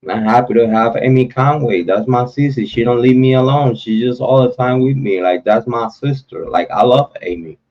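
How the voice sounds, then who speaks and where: A man hosting a true crime livestream, talking loosely and repetitively in slang, giving heartfelt shout-outs to viewers. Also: mid-range voice, normal speed, hardly any pauses, muffled recording.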